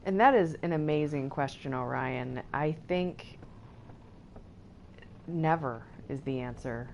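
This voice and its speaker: A woman's voice: sits low, slow, lo-fi sound, a little hiss or hum. A woman streamer giving chatty, giggly commentary while playing a video game, talking back to the characters on screen. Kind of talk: casual let's-play commentary.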